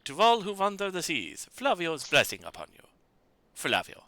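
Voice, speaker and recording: A man's voice: sits high, sing-song, normal speed, pushed and bright, smooth, no echo, pitched above the performer's own voice, exaggerated voice. A man doing a grandiose French-accented sailor-merchant. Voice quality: theatrical, flamboyant. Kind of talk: reading game dialogue aloud.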